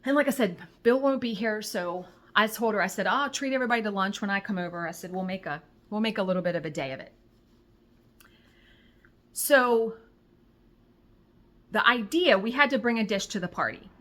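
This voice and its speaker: Woman, middle-aged, bright tone, casual vlog storytelling, animated, re-enacts conversations. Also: medium pitch, normal speed, long pauses. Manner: animated, retells conversations, swears when excited. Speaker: crafting vlogger.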